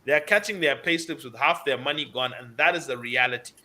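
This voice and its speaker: A man's voice: mid-range voice, fairly quick, sharp tone. A man giving financial advice on a talk show, lecturing emphatically and repeating key words for stress. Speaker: financial commentator.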